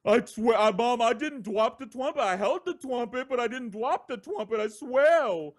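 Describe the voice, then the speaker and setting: A stubborn little boy whines his denials in a squeaky, pleading voice, put on by a man retelling a story. He pushes each protest out loud and high, like a kid who knows he's in trouble. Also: expressive, moderate pace. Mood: whiny denial. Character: young boy, whiny, lying stubbornly.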